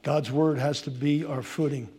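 A man preaching a sermon, swinging from loud emphasis to hushed pleading as he addresses his congregation. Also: fairly high pitch, steady tone, moderate pace, slightly rough. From Irish heritage. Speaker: pastor.

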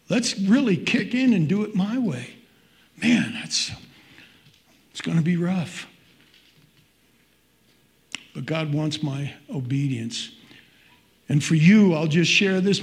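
A man's voice: high voice, creaky. Earnest middle-aged male pastor preaching. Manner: earnest, conversational preaching with scripture readings. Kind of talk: sermon.

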